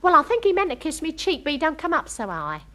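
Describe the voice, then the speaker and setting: A chatty, starry-eyed young working-class girl, played by a woman in a comic monologue. She gossips breathlessly with homely, ungrammatical turns of phrase, her rather high voice leaping and swooping all over the place. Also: fast, full character voice. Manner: lively, breathless gossiping storyteller.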